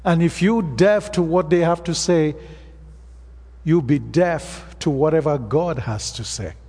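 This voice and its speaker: Slow, husky African-accented male preacher. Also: a little high, warm tone. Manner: storytelling preacher, plain and earnest. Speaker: pastor. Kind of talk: sermon. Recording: long reverb of a hall.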